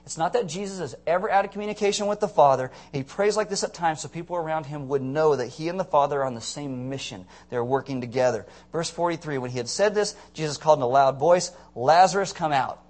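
A young man preaching a sermon, animated and joking as he tells the story, with sudden loud shouts. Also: fairly high pitch, fast talker, few pauses. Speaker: pastor.

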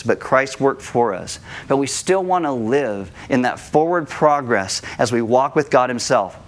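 Animated male pastor preaching. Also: fairly high pitch. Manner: animated storytelling, acts out kids' voices. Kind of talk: sermon. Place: church room.

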